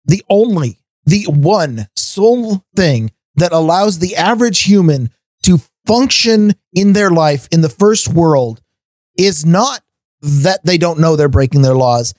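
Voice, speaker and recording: Middle-aged guy ranting on a podcast, kinda high voice, dry sound, stumbles over his words. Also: lively intonation, a little slow, a little mellow, dry recording. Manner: ranting, stammers on restarts, laughs between points. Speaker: podcast co-host. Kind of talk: casual chat.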